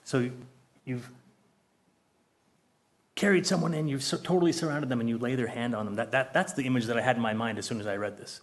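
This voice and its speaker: A man's voice: lowish voice, fairly bright tone. Earnest middle-aged man leading Bible study. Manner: earnest and heartfelt, conversational with many fillers and restarts; reads scripture aloud, asks the group questions. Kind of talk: casual Bible study teaching.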